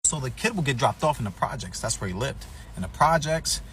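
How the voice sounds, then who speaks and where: A man's voice: medium pitch, brisk, a little hiss or hum. A man telling a profane, comedic personal story, acting out what people said. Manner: animated, profane, acts out quotes.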